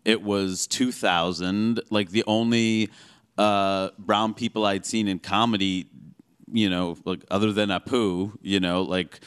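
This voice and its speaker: A man in his forties from the United States, a comedian talking as an interview guest, quick and wry with lots of filler words. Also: on the low side, clear, resonant tone. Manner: talks fast with many fillers, animated and wry. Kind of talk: conversational interview.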